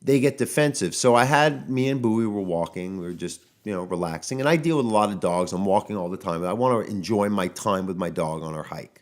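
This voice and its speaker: A man's voice: lowish voice, lively intonation, brisk, hardly any pauses. A man hosting a podcast as a dog trainer, talking casually and getting exasperated, with many fillers and restarts. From United States. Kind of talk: casual solo podcast monologue. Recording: audio-only podcast.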